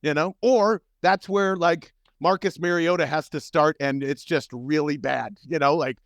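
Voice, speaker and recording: A man co-hosting a casual sports podcast, animated and profane, his voice swinging up and down as he argues. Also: unhurried, no room sound, clean studio sound. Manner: animated, profane, jumps up and down in pitch. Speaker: podcast co-host.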